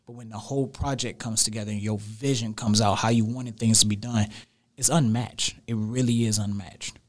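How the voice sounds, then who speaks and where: A young man guesting on a podcast, talking sports in an emphatic, animated way and repeating phrases for weight. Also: lowish voice, normal speed. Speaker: podcast guest, radio show host. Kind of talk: casual sports chat. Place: podcast studio.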